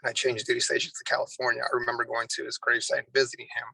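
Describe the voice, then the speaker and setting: Gravelly, bright-voiced man telling his story. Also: medium pitch, level tone, rapid-fire, dry recording, rough recording. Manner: earnest storytelling with many restarts, emotional at times. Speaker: Marine drill instructor and guest. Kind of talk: personal story in an interview.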